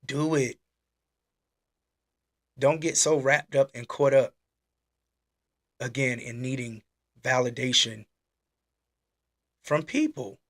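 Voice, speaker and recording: A man hosting a casual church-style live talk. He is animated and exclaiming, and he repeats his questions. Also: medium pitch, takes it slowly, long pauses. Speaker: host. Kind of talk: casual preaching live stream.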